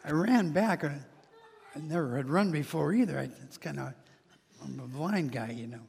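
A man performing a first-person monologue as a formerly blind male beggar, eager and joyful, who talks haltingly and restarts and repeats words between excited exclamations. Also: a little high, gravelly, husky, in a large hall, full character voice.

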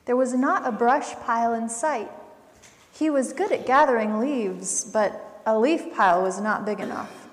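Woman reading a story to children, gravelly. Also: on the high side, measured pace. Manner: warm, gentle, speaks to children. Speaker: pastor leading children's time. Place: church sanctuary. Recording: long church reverb.

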